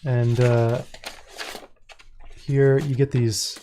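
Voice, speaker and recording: A man's voice: medium pitch, little pitch movement, drawn-out words, background noise. Chatty man hosting a casual launch stream. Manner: chatty, self-amused, thinks aloud. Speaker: independent publisher and host. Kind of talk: casual livestream product launch.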